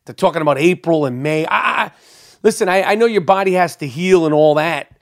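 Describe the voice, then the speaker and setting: Emphatic, profane, high-voiced man. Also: fairly quick, dry recording, studio quality. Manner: emphatic, profane and rambling with repetitions. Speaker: podcast host. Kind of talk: casual podcast monologue.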